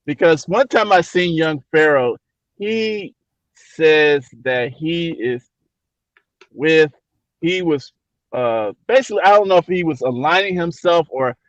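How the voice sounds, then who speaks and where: A man in an online debate who asks questions in a halting, rambling way. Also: on the high side, dry recording, highs cut off. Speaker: debate participant.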